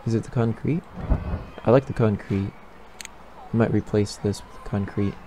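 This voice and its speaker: A man's voice: fairly low pitch, steady tone, moderate pace, background noise. A young man giving casual let's-play commentary, rambling and thinking aloud as he builds. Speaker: gaming YouTuber.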